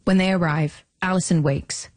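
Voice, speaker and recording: Low-voiced woman narrating a podcast. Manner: measured, even narration. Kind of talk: scripted narration.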